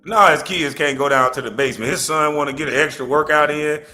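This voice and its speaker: A man's voice: on the high side, fairly quick, pushed and bright, faint music behind. A man hosting a reaction show, ranting bluntly and profanely, mocking his target. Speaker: host. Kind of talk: reaction commentary rant.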